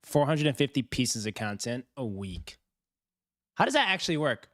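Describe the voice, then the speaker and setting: Animated young man chatting on stream. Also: medium pitch, moderate pace. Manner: animated, chatty, talks to chat, laughs often. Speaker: finance livestreamer. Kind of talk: casual livestream chat.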